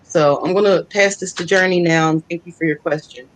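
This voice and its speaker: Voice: medium pitch, steady tone, brisk, poor audio. Chatty, laughing psychic reader. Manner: chatty, laughs often, relays spirit voices. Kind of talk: casual live psychic reading.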